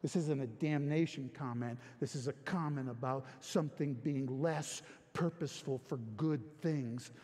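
A man preaching a sermon as pastor, asking questions and swinging between emphatic rises and quiet drops. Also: medium pitch, steady tone, moderate pace, few pauses, long reverb tail.

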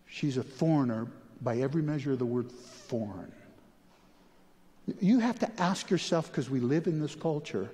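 A male pastor delivering a sermon, moving between quiet questions and animated, urgent pleading. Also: mid-range voice, normal speed, in a large hall.

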